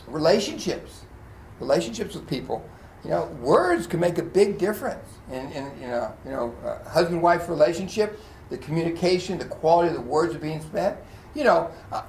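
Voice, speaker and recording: A man's voice: on the high side, reverberant, a little hiss or hum. A man preaching a sermon as pastor, telling stories with lots of acted-out quotes and frequent laughter. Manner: animated storyteller, acts out quotes, laughs often. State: choked up at times. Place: church.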